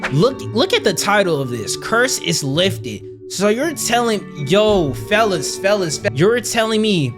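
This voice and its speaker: Excitable joking man playing a game. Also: fairly high pitch. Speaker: gamer reacting to a puzzle game. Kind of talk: comedic let's-play commentary.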